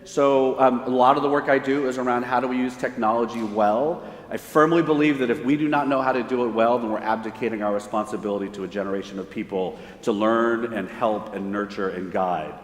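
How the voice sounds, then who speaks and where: A man's voice: mid-range voice, brisk, few pauses. A middle-aged man, a pastor giving a conversational conference talk, telling stories and acting out the voices of the people in them. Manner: conversational, animated storyteller acting out quoted voices. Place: large hall. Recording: echoey hall, long reverb.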